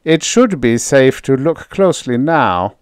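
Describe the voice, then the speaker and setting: A man voicing a meticulous scientist mastermind who speaks in a measured, precise way in an audiobook story. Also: mid-range voice, sing-song, clean tone, dry recording, studio quality, pitched above the performer's own voice.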